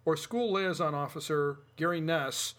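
A man's voice: on the high side, moderate pace, a bit bright. A man co-hosting a podcast, reading out news stories with joking asides in a casual chat. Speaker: podcast co-host.

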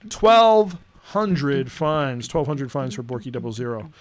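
A man's voice: mid-range voice, very animated. A man hosting a casual podcast, reading out names and scores in a playful, teasing way. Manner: playful, teasing, quick to laugh. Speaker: podcast host.

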